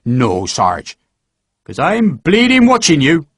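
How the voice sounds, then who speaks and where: Man putting on a brawny Irish soldier, wry and cocky, swinging between high and low in close dry sound. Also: wildly swooping pitch, takes it slowly, fairly bright tone, husky, no echo, full character voice. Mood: wry, amused. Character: big, good-humoured Irish soldier.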